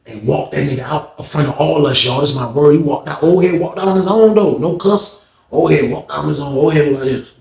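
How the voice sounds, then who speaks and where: A man tells a story in loose street slang, animated and acting out the voices of the people in it. His voice sits a bit high, with a gravelly fry running through it. The room around him is echoey. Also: fairly quick. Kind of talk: casual storytelling.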